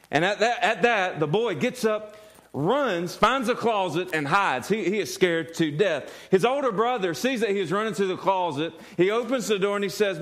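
Earnest man preaching, fairly high voice. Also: expressive, normal speed, a bit bright. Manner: repeats words and restarts often, earnest; asks the congregation questions. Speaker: pastor. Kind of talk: sermon.

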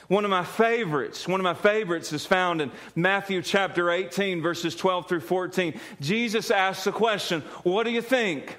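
Man, preacher, sermon, folksy, restarts often, slightly high voice. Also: normal speed, few pauses, fairly bright tone. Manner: folksy, repetitive restarts, tells a joke then turns earnest.

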